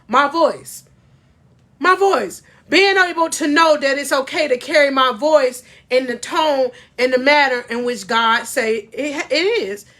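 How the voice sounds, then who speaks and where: Bright, high-voiced woman coaching. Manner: emphatic, preachy, addresses viewers as y'all. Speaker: life coach. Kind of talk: faith-based motivational talk to camera.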